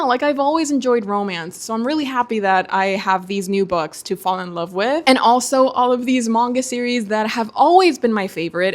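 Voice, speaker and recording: A woman hosting a casual video, chatting in a gushing, excitable way. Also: fairly high pitch. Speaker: booktuber host. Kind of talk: casual vlog chat.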